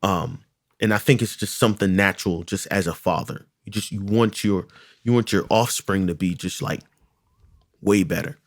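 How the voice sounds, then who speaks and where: A man in casual podcast chat, a father talking loudly and animatedly, often repeating himself. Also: sits low, normal speed, dry recording, clean studio sound. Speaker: podcast co-host.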